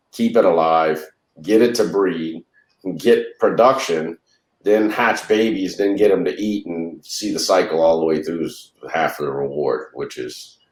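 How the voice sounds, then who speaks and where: A man and reptile breeder, a guest on the show, telling a rambling, casual story and acting out the dialogue. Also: a bass voice. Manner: rambling, acts out dialogue in anecdotes. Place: lives in Louisiana. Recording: roomy echo.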